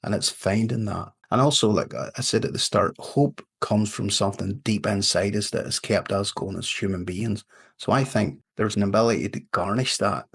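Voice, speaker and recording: A man's voice: fairly low pitch, moderate pace, gravelly, breathy edge. A man from Northern Ireland with a Northern Irish accent, a leadership coach talking as a podcast guest and telling a story. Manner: storytelling, animated quotes in a fable. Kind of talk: casual interview talk.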